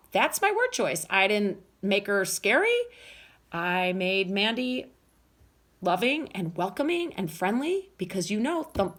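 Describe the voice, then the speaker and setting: A woman teacher giving a recorded lesson to children. She explains slowly and keeps asking the listeners questions. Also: on the high side, sharp tone.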